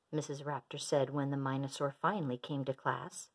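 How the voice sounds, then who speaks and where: A woman reading a children's rhyming picture book aloud in an expressive, sing-song way. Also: very deep voice, normal speed, hardly any pauses, breathy edge. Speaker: storyteller.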